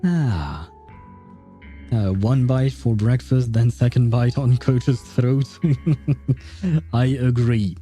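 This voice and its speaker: A man's voice: mid-range voice, extremely slow, pauses often, warm tone, faint music behind. A man giving casual, rambling commentary while playing a video game, laughing often. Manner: laughing, rambling, self-deprecating. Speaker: gaming streamer.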